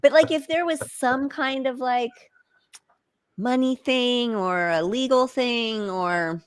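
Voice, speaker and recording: A woman's voice: a little high, takes it slowly, clear, resonant tone, no room sound, clean studio sound. Chatty hesitant woman podcast host. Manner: chatty, hesitant, lots of "like" and "you know". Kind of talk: casual chat.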